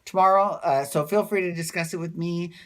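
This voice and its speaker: A man's voice: high voice, steady tone, brisk. A man recapping a reality show in a casual, rambling, gossipy vlog, full of fillers and asides. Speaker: recap vlogger. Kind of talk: casual chat.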